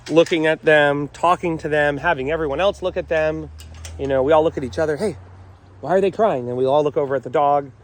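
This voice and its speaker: A man working as a dog trainer, talking casually to camera outdoors in the morning, earnest and addressing viewers directly as folks while rattling off lists. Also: fairly high pitch.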